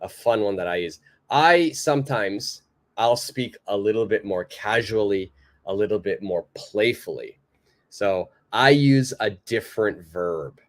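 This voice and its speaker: A man teaching a live online English lesson, patiently repeating example sentences in a clear, careful way. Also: mid-range voice.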